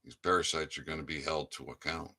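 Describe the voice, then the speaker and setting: An older man ranting in an impassioned monologue, swinging between loud outbursts and low muttering. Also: fairly even intonation, a little fast, creaky. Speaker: activist channel host.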